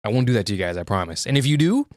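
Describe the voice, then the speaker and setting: A man's voice: fairly low pitch, sing-song, rapid-fire, dry recording, studio quality. A young man streaming in casual chat, frank and profane, often restarting his sentences.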